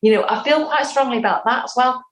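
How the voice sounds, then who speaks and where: Animated northern English woman in an echoey room. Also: high-pitched, fast. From North West England. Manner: animated, acts out quotes. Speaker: playwright and actor. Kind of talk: interview.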